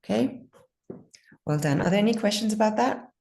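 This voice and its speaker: A woman teaching pronunciation in an online class, patiently modeling words slowly and repeating them. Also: medium pitch, lively intonation, creaky, a little mellow, slight background noise.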